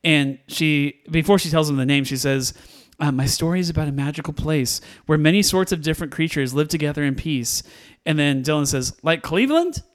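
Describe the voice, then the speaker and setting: A man's voice: fairly high pitch, a little fast. Chatty man reviewing a movie. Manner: animated, laughs often, acts out quotes. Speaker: podcast co-host. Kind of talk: casual movie review chat.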